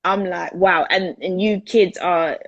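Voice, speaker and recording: A woman's voice: lowish voice, takes it slowly, no echo, highs cut off. A woman, a peer educator talking earnestly in a casual discussion. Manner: earnest, animated, repeats words for emphasis.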